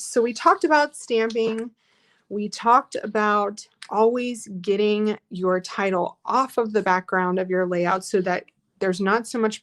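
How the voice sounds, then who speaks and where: A woman's voice: medium pitch, a bit bright. A woman teaching a live online scrapbooking class in a chatty, encouraging way, reading out viewer comments as she works.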